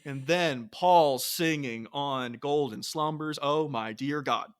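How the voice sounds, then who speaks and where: Excited man beatboxing song parts. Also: on the high side, slow. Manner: enthusiastic, sings and beatboxes parts of songs. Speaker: podcast co-host. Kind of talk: casual chat.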